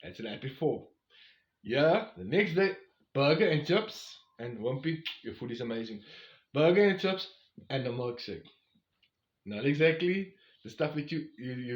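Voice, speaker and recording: Chatty man telling a story. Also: medium pitch. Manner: chatty, rambling with many fillers and asides. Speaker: vlogger on a long-distance walk. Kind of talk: casual storytime recap. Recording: roomy, slightly dull recording.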